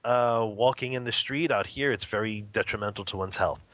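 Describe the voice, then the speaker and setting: A man in his thirties, a guest in an interview, telling a family story in a casual, lively way, laughing often and acting out quotes. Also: fairly low pitch, normal speed, dry recording.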